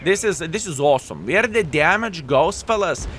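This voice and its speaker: A man's voice: fairly high pitch, expressive, moderate pace, fairly bright tone, a little hiss or hum. A man commentating his own tank game, chatty and jokey, speaking to his viewers as fellas, with a non-native English manner. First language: Lithuanian. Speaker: gameplay commentator.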